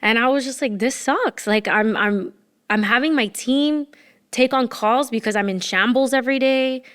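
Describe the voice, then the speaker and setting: A woman's voice: on the high side, normal speed, fairly bright tone, clear, resonant tone. A woman in her thirties speaking as a podcast guest, telling her story candidly and emotionally, full of "like" fillers. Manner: emotional, rambling with many "like" fillers. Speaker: podcast guest, former entrepreneur.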